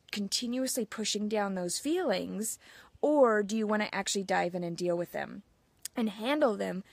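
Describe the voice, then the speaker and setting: Her mid-range voice carries no echo as this thirtysomething mothers' mentor opens up in a relaxed live chat. Earnest and candid, she recounts personal experiences and quotes the voices in her head.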